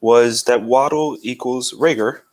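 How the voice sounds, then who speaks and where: A man co-hosting a casual podcast, talking in a halting, playful way with frequent restarts. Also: mid-range voice, darkish tone, low-quality recording. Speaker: podcast co-host.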